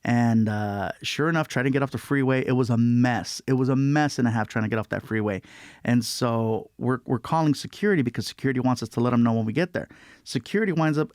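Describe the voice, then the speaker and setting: Man, comedian guest, animated storytelling, mid-pitched, dry close sound. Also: fast, dry recording. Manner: animated, acts out quotes in put-on voices. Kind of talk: storytelling chat.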